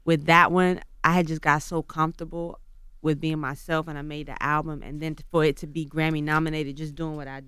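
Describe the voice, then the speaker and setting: A woman's voice: deep voice, flat delivery, brisk, a bit bright, smooth, no room sound, studio quality. A woman rapper as a guest on a radio morning show, chatting casually and telling stories in laid-back slang. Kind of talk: casual interview chat. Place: radio studio.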